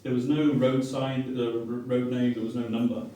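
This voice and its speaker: A man's voice: medium pitch, normal speed, a little hiss or hum. Middle-aged man, Manchester accent, humorous storytelling talk, distant mic, faint room ambience. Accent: Mancunian English. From Manchester, England. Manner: animated, self-mocking, acts out quoted voices. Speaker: author giving a talk. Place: restaurant dining room with an audience. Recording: echoey room from far off.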